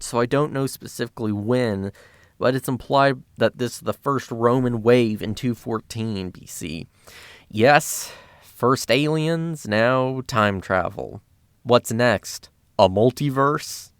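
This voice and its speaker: A man's voice: mid-range voice, clear, resonant tone, no echo. Dry, sarcastic male film critic. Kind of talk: scripted video-essay narration.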